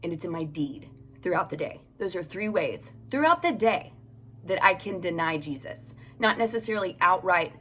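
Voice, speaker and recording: A woman's voice: lowish voice, animated, moderate pace, a bit bright, slight background noise. Chatty woman teaching the Bible. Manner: chatty, storytelling, reads scripture aloud. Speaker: devotional podcast host. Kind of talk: casual devotional Bible teaching. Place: home closet.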